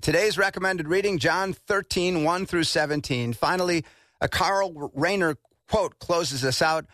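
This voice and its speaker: Upbeat radio host reading daily items. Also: male voice, a little high, measured pace, soft background music. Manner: reads with plain, steady delivery and fillers. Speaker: radio morning show host. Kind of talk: radio show, reading a devotional.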